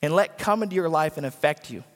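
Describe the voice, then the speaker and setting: A pastor's animated, highish voice moves quickly through a sermon, echoing in the church hall. Repetition drives each point home, and he gives voice to the people he quotes by acting them out.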